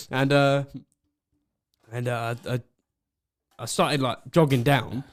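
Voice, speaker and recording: A young man co-hosting a podcast, telling an animated story with laughs and swearing. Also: mid-range voice, slow. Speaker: podcast co-host. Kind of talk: casual storytelling chat.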